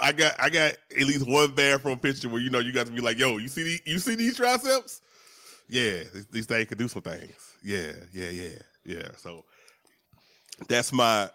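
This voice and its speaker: A man's voice: mid-range voice, fairly even intonation, moderate pace, pushed and bright, no echo, clean studio sound. A man co-hosting a podcast in casual chat, slangy and full of restarts, often tagging you know what I mean. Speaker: podcast co-host.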